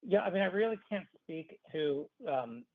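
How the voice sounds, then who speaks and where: A man's voice: high voice, moderate pace, dry recording. Explaining executive man on a tinny line. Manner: steady explanatory, frequent ums. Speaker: company executive. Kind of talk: earnings call answers. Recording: dry tinny phone line.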